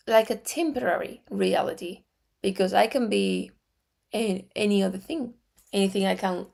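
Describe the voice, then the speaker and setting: A woman in her forties with an Argentine Spanish accent, teaching metaphysics in a slow, deliberate way with frequent restarts. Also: mid-range voice, gravelly. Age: 40s. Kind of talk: spiritual teaching talk.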